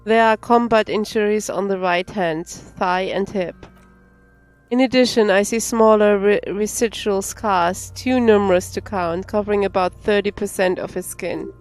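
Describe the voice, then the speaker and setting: A woman streamer reading the game's text aloud, slow and careful, with laughing asides. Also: medium pitch, steady tone. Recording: faint game music behind.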